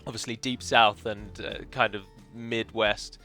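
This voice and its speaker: This man, a game modder and let's player, casually narrates a strategy game he's playing and drifts into opinionated tangents about pronunciation. His voice is fairly low and level, delivered at a measured pace with a pushed, bright quality, and faint music plays in the background.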